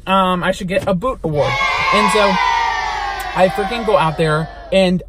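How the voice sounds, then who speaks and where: High-voiced young man telling a story. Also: measured pace, a loud crowd, heavy background noise. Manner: animated, dramatic retelling with swearing. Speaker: vlogger. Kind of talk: storytime vlog. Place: inside a car.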